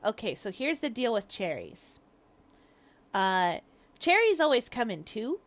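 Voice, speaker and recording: Her voice on the high side and very animated, a young woman chats casually at a measured pace over her game stream. She tells rambling stories and laughs a lot.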